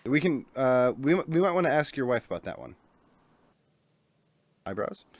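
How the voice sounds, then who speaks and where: A man's voice: medium pitch, sing-song, normal speed. A man hosting a gaming podcast, chatting casually in a jokey, rambling, self-deprecating way. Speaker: podcast host. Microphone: studio microphone.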